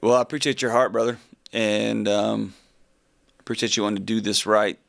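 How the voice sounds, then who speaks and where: Gravelly-voiced male radio host. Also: lowish voice, moderate pace, no room sound, studio quality. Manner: joking, then calm and caring. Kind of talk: call-in advice show.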